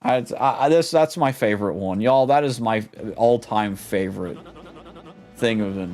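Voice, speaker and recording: A man's voice: medium pitch, normal speed, darkish tone, faint music behind. A young man hosting a let's play, chatting casually in a laid-back, slangy way about his voice acting. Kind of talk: casual game commentary.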